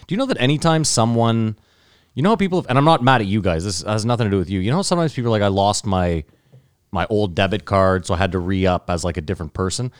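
Guy hosting a podcast, lowish voice, swears a lot and rambles, super dry close sound. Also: animated, fast talker, clear, resonant tone, dry recording. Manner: profane and blunt, with loose rambling asides. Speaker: podcast host. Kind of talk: casual podcast chat.

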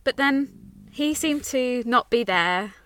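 A woman's voice: fairly high pitch, expressive, takes it slowly, fairly bright tone. A woman co-hosting a podcast, chatting wryly about a TV episode and laughing at herself. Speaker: podcast co-host. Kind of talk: casual chat about a TV series.

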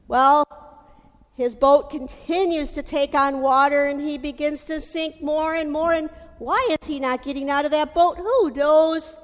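A woman's voice: high-pitched, fairly even intonation, normal speed. A woman preaching a sermon in a folksy, casual storytelling way. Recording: hall reverb.

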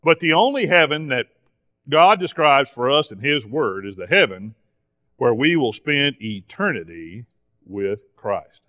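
A man's voice: mid-range voice, sing-song, unhurried, bright, forceful tone. A man teaching a Bible class at church in a folksy, teasing way, recorded in the church hall. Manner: folksy, playful sarcasm with the class.

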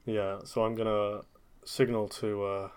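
A man's voice: fairly low pitch, flat delivery, unhurried, clean tone. A man playing a tabletop game in casual, self-deprecating chat. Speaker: player.

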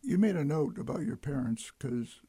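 A man's voice: on the high side, very animated, normal speed, warm tone, slightly rough, dry recording. A man from Detroit hosting an interview, asking questions and thanking his guest often. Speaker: talk show host. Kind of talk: interview host.

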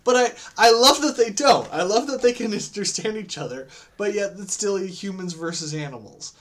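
A man's voice: sits high, animated, moderate pace, a bit bright. A man chatting casually as a podcast co-host, enthusiastic, often restarting with repeated words. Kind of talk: casual chat.

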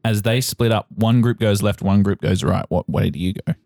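Deep voiced guy running a tabletop game, steady narration, dry sound, soft music. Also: normal speed, vocal fry, no room sound. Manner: steady, descriptive narration with repeated "you watch". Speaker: game master.

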